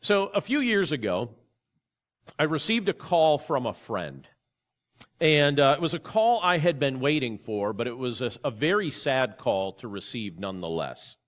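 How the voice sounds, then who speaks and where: A man, a pastor, opening with a prayer and then preaching an earnest, conversational sermon full of rhetorical questions. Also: mid-range voice.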